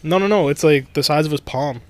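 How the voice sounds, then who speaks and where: A man's voice: a little high, fairly quick. Young man laughing through casual podcast chat. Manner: laughing, animated storytelling. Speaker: podcast co-host.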